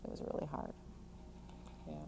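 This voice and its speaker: A middle-aged woman, an author, giving emphatic, rapid-fire caregiving advice in an interview, with frequent restarts. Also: warm tone, a little hiss or hum, low-quality recording. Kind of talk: interview answers.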